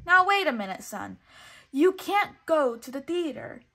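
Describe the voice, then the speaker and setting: A fussy little male cricket from a storybook, excitable and earnest, his voice jumping high and loud, as a woman reading aloud does him. He calls out and fusses like a worried guardian. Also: measured pace, exaggerated voice. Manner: excited, calling out loudly.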